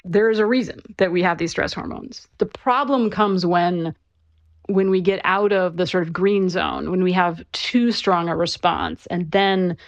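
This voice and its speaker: A woman who is an author, giving conversational interview answers and explaining things clearly, with casual fillers. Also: on the low side, a little slow, dry recording, muffled recording. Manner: conversational, clear, with frequent fillers like "you know" and "right".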